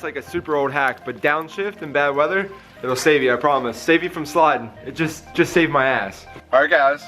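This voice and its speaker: A man talking casually to his camera for a daily vlog, chatty and loose, with quick apologetic asides. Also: fairly high pitch, noisy background. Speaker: vlogger.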